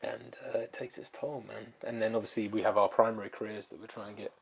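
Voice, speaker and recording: A man chats casually on a livestream, his voice sitting a little low. He rambles loosely with plenty of fillers. He sounds a bit lethargic as he catches his viewers up. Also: quick pace, vocal fry, husky. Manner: relaxed, rambling, many fillers. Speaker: channel co-host.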